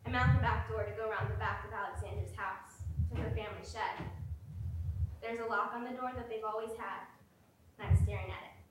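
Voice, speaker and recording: A woman's voice: fairly high pitch, fairly even intonation, a little fast, noisy background. A woman performing a theater monologue, narrating her own actions step by step. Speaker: stage actor. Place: theater stage. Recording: echoey hall, far from mic.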